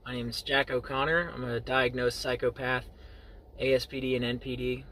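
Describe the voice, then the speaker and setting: A man's voice: medium pitch, level tone, normal speed, sharp tone, slight background noise. A man casually telling a personal story to his viewers, chuckling now and then. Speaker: vlogger.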